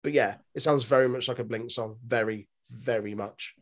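A man's voice: mid-range voice, steady tone, moderate pace. A man co-hosting a casual wrestling recap chat, sarcastic and swearing freely. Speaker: podcast co-host.

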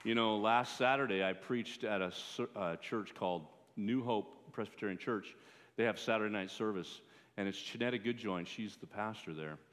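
A man preaching a sermon as pastor, in a measured way that rises for pleas. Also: lowish voice, fairly bright tone, some chatter behind, slight background noise. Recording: long hall reverb.

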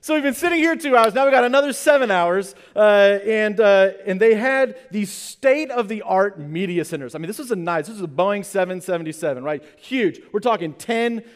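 Animated storytelling pastor, high voice. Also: male voice, moderate pace, hardly any pauses. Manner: animated, comic storytelling with acted-out quotes. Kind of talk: storytelling sermon. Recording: long hall reverb.

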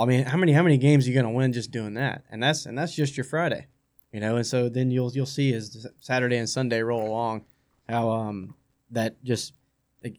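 A guest baseball analyst on a sports talk show chats casually, often restarting his sentences. His voice is medium-pitched with a darkish tone.

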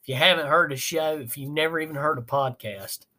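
Rambling podcast host. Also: male voice, fairly high pitch, a little fast, bright, forceful tone. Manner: rambling, laughs often, swears casually. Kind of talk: casual chat.

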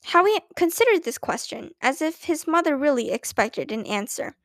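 A woman reading a children's story aloud with clear, expressive narration. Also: fairly high pitch, normal speed, few pauses, no echo. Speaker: audiobook narrator.

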